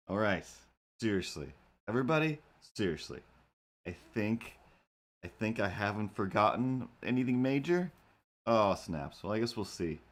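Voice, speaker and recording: A man hosting a casual live stream, rambling and joking as he talks to his chat. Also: on the low side.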